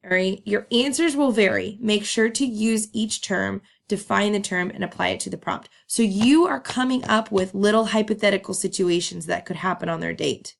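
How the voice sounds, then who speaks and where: A woman's voice: mid-range voice, normal speed, vocal fry, few pauses. A woman teacher giving a recorded lesson in a chatty, upbeat way, with frequent ums. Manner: chatty, upbeat, laughs and says um often.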